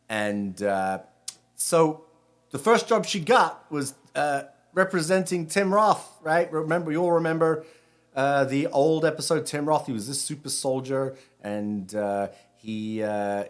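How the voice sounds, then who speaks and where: A man's voice: medium pitch, lively intonation, measured pace. A man from Britain, a rabbi, giving a casual spiritual talk in a rambling, conversational way full of restarts.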